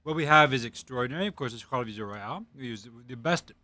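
Man, Midwestern American accent, baker, fast, mid pitch, proud, salesmanlike. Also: animated, pushed and bright, no room sound. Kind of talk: casual product talk.

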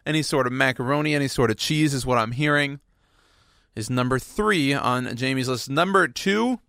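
A man hosts a radio show from the studio, talking casually with a rambling, playful, self-mocking manner. His voice is bright and forceful, and the sound is dry and close. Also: medium pitch, moderate pace, creaky, clear, resonant tone, dry recording. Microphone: studio microphone.

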